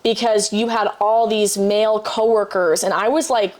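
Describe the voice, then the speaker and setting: A woman's voice: mid-range voice, fairly even intonation, moderate pace, darkish tone. A young woman hosting a podcast, talking earnestly and sincerely as she asks her guest personal questions. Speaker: podcast host. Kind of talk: conversational interview.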